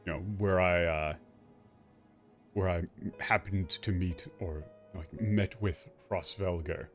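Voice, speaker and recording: Low-voiced man rambling through stream commentary. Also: steady tone, slow pace, soft background music. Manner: rambling, many fillers and restarts, swears when emphatic. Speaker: streamer playing and translating a game. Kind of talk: casual livestream commentary.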